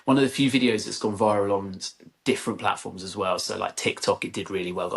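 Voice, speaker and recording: A man in his thirties, a podcast guest and content creator, telling stories in a loose, rambling way with lots of "like" and restarts. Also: fairly low pitch. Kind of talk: casual conversational storytelling.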